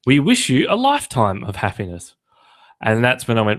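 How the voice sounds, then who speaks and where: A man's voice: medium pitch, wildly swooping pitch, moderate pace. A man hosting a podcast, telling rambling, jokey stories in casual chat. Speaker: podcast host.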